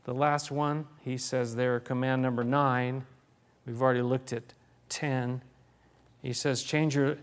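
A man's voice: medium pitch, level tone, measured pace. A man preaching a sermon as pastor, earnest, reading scripture aloud and often restarting his phrases.

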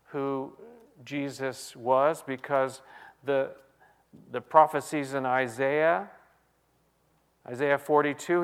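A man preaching a sermon, his voice swelling into loud, urgent questions before falling back to a hushed, intimate tone. He reads scripture passages aloud and speaks directly to his listeners. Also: a little high, clean tone. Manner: dynamic preaching, swinging from loud exclamations to hushed quiet. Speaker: pastor.

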